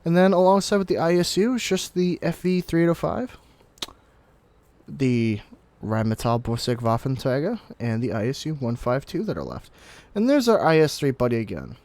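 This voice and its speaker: A young man giving casual, explanatory commentary over his own gameplay, breaking into sudden excited outbursts now and then. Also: mid-range voice, moderate pace, no echo. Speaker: gaming commentator.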